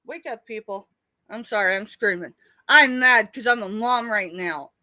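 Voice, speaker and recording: A woman's voice: mid-range voice, normal speed, bright, forceful tone, dry recording. A middle-aged woman, ranting angrily and tearfully on a late-night live stream. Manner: angry, tearful, confrontational.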